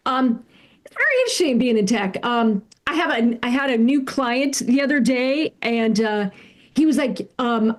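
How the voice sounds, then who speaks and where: A woman's voice: a little high, animated, moderate pace. A middle-aged woman from California doing a stand-up comedy set, chatting with the crowd and laughing at her own jokes.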